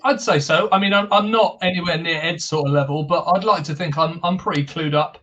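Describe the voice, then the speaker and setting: A man's voice: a little high, fairly quick, fairly bright tone, highs cut off. A man, a guest toy collector, chatting casually and modestly on a video call.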